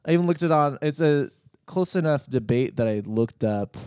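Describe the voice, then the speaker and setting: A man's voice: on the high side, expressive, normal speed, a little mellow, clean tone, no room sound, clean studio sound. A man chatting casually, rambling and self-mocking. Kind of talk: casual chat.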